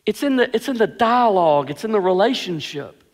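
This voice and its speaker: A man preaching a sermon as pastor, repeating rhetorical questions, swelling to emphatic peaks and then dropping soft. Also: high voice, animated, a little fast, in a large hall.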